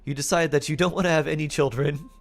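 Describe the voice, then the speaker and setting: A man's voice: on the high side, steady tone, fast, faint music behind. A man streaming live, improvising playful fortune-telling stories and laughing often.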